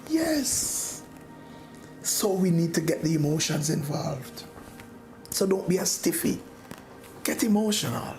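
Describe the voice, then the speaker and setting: A man preaching a sermon as a bishop, slow and deliberate, rising to emphatic points. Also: high voice, darkish tone. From Jamaica.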